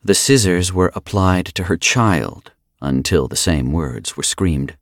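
A man narrating a dark audiobook chapter in a grave, measured manner. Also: low voice, expressive, noisy background. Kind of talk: scripted narration.

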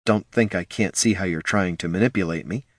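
A man's voice: low voice, a little fast, breathy edge, no echo. A man voicing a stubborn, hot-tempered female fire mage who answers curtly. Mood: flustered. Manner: curt, growling, defensive.

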